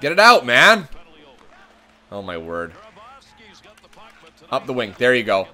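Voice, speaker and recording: A man's voice: mid-range voice, huge pitch swings, slow, bright, forceful tone. A man commenting on his own hockey video game play, calling the action like a broadcaster and swearing when it goes wrong. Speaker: gaming channel host.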